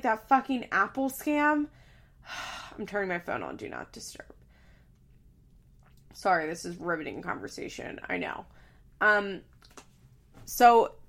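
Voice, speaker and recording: A woman's voice: mid-range voice, vocal fry, a bit bright. A woman hosting a podcast, recapping in casual, chatty talk with profanity and sarcastic asides. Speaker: podcast host.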